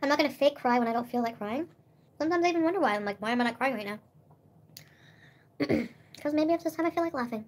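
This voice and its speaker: A young woman livestreaming in a loose, rambling way, laughing often and eating as she talks. Her voice sits notably high, and she drifts between soft asides and bursts of giggling. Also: racing. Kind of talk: casual livestream chat.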